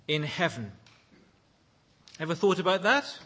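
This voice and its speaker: High-voiced preacher, slow and bright. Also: male voice, expressive, slightly rough. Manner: earnest, rising to loud exclaims when quoting praise; leads prayer in a hushed, low voice. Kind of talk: sermon.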